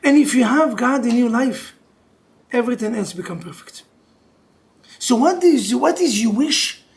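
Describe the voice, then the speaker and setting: A man, a rabbi, giving an animated and joking class to couples. He mixes Hebrew terms into non-native English and moves between loud outbursts and hushed intensity. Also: very high-pitched, measured pace. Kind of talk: lively religious class for couples.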